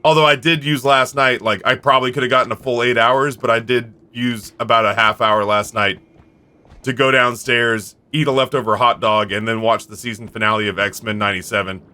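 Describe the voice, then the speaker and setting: A man's voice: mid-range voice, steady tone, a little fast, pushed and bright. A man in his thirties streaming live, rambling casually in a self-mocking way and acting out both sides of conversations. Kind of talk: casual livestream chat.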